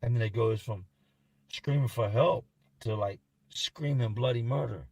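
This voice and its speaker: A man telling a first-person story in a somber, halting way, as if haunted. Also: medium pitch, vocal fry, a little mellow, slightly rough, dry recording.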